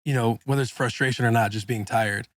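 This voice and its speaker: A man's voice: medium pitch, steady tone, fast, dry recording, studio quality. A young man co-hosting a podcast in casual chat, laid-back, swearing freely and saying bro and dude. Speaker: podcast co-host.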